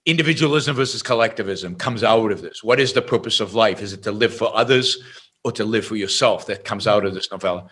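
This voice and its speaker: A middle-aged man, a podcast guest, telling a story in an emphatic, animated way. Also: on the low side, a little fast, breathy edge.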